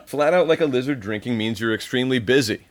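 A man's voice: mid-range voice, animated, fast talker. A man co-hosting a comedy podcast, playfully quizzing his partner on odd phrases and laughing often. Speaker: podcast co-host. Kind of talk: casual comedic chat.

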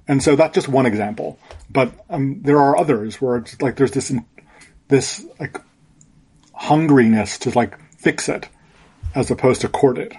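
A man guest on a podcast, telling a reflective story in a halting way, with many restarts. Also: medium pitch, warm tone, slightly rough.

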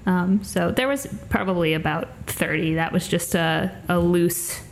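A woman from co-hosting a podcast, talking in a dry, self-deprecating way with many pauses and ums. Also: lowish voice, creaky, slight background noise. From Long Island, New York. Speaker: podcast co-host. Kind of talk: casual chat.

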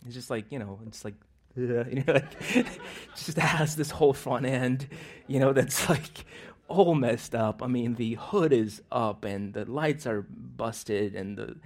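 A man preaching in a church, opening in prayer and then telling a personal story with frequent laughs, swinging between loud bursts and quiet asides. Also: mid-range voice, slow.

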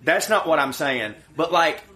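A man co-hosting a casual sports podcast, rambling and swearing as he tells animated stories. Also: fairly high pitch, moderate pace. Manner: rambling, profane, animated storytelling. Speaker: podcast co-host. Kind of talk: casual chat.

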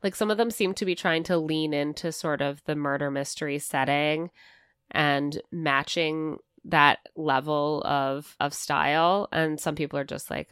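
A woman with a low, smooth, resonant voice chats casually on a podcast, dropping "like" often and slipping into little impressions of people. The sound is dry and close, with no room around it. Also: steady tone, a little slow, a bit bright, no room sound. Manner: chatty, many "like" fillers, acts out quoted lines. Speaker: podcast co-host. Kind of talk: casual chat about a TV show.

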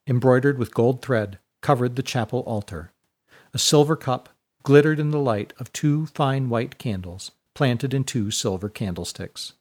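Man narrating a story steadily. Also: medium pitch.

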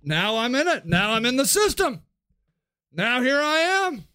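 Man, very high voice, swooping delivery, impassioned rant, podcast monologue. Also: big pitch swings, a little slow, pauses often, sharp tone. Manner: impassioned, profane, ranting. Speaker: podcast host. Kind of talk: spoken-word monologue.

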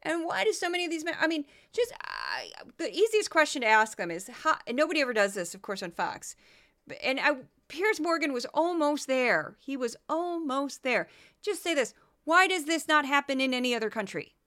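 A woman's voice: high voice, huge pitch swings, moderate pace, fairly bright tone. A woman from the American Midwest hosting a commentary podcast, talking in a sarcastic, mocking way. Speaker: podcast host.

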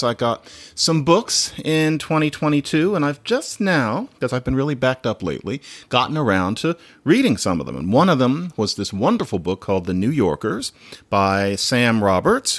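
A man's voice: medium pitch, no echo. A man hosting a solo podcast, talking in a chatty, digressive way and laughing now and then. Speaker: podcast host.

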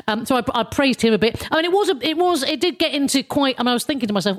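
A woman's voice: high voice, animated, racing, few pauses. A woman hosting a show, casually recapping her episode in a rambling, sardonic way with many fillers and restarts. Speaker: show host.

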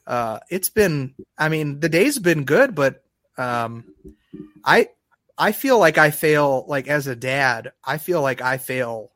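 A man co-hosting a casual faith podcast, talking earnestly and haltingly as he searches for words. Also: medium pitch, fairly bright tone, no echo, studio quality. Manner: earnest, halting, restarts often when emotional. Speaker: podcast co-host.

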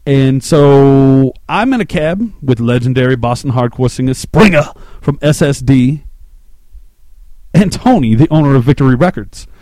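Podcast host, man in his 30s, dry close sound, excitable and rambling storyteller, swears a lot. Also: medium pitch, moderate pace, no room sound. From Shreveport, Louisiana, US. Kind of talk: casual storytelling monologue.

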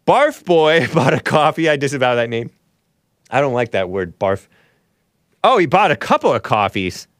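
Man, talk show host, rambling jokey chat, laughs a lot, mid pitch, close dry sound. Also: no room sound. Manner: jokey, rambling, laughs often, voice jumps up high at times. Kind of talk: casual live-stream chat reading viewer messages.

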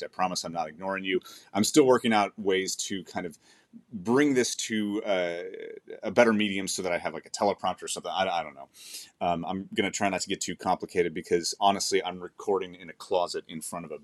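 A man's voice: low voice, no room sound. A male podcast host and author reading his newsletter aloud. He is chatty and self-deprecating, with frequent fillers and casual asides. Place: small closet in front of a sheet.

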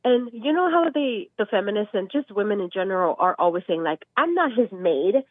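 Nasal from illness, this talk-show caller speaks a little fast in a medium-pitched voice, animatedly acting out quotes and laughing during the call-in discussion. The phone line sounds tinny, with no room sound.

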